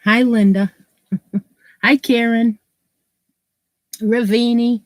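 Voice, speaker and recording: A woman's voice: a little high, fairly even intonation, very slow, no echo. A woman hosting a crochet live stream, chatting casually and greeting viewers by name, her nose stuffed up from allergies. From New York State, US. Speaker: crochet channel host.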